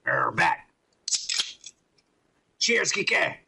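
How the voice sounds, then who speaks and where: A podcast host rants in a profane, bossy casual chat. His voice sits high and gravelly, with a husky edge. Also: sing-song, very slow, pushed and bright. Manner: bossy, swearing, talks over his co-host.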